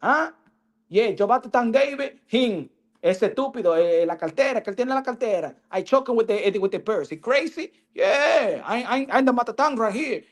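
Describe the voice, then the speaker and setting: A man putting on a cocky male boxer who taunts rivals loudly, switching between English and Spanish. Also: very high-pitched, animated, moderate pace, voice pushed up. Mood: taunting. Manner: loud swaggering taunts mixing English and Spanish. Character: brash cocky male Dominican boxer talking trash.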